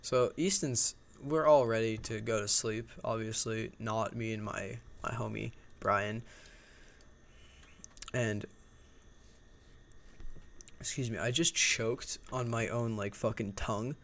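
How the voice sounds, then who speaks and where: A man's voice: lowish voice, steady tone, slow, gravelly, long pauses, fairly bright tone. A young man telling a personal story in a loose, profane, rambling storytime vlog.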